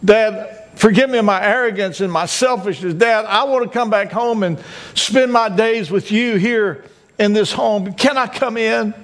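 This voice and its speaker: A man's voice: sits high, measured pace, pitched above the performer's own voice. A man preaching who voices a stubborn grown son in a story, first defiant, later begging forgiveness. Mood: pleading. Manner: petulant, pleading.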